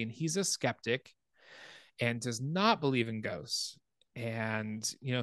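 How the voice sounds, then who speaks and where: A man hosting a podcast, casually retelling a film's plot scene by scene in an animated way. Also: medium pitch, no room sound. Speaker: podcast host. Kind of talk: casual film recap.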